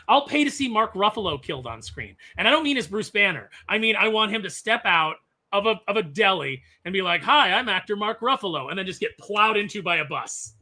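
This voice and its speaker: Bright, animated man ranting sarcastically. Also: high voice. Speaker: podcast panelist. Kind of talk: casual chat.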